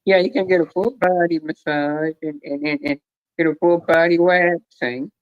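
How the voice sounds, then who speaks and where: A man's voice: on the high side, fairly even intonation, normal speed, clear, resonant tone, dry recording, dull audio. A man chatting casually on a live stream panel, telling rambling joking stories full of fillers.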